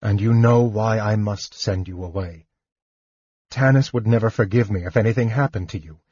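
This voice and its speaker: A man's voice: fairly low pitch, moderate pace, a little mellow, husky, no room sound, highs cut off. Man reading a stern knight commander. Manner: stern and clipped.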